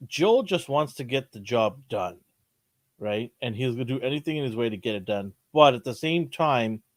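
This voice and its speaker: A man's voice: mid-range voice, expressive, moderate pace, no echo, clean studio sound. A man co-hosting a podcast in casual chat, laid-back and slangy, chuckling often. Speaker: podcast co-host.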